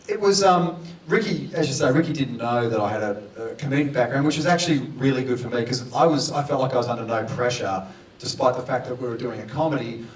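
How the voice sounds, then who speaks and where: Easygoing actor, echoey room. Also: male voice, medium pitch, slight background noise. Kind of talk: press conference chat. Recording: roomy hall, distant mic.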